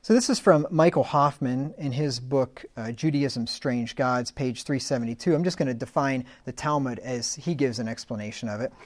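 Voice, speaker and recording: A man's voice: mid-range voice, normal speed, few pauses. A man giving a teaching talk. He reads old scripture aloud with rising emphasis and slips into plain, conversational asides with fillers between readings. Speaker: Bible teacher.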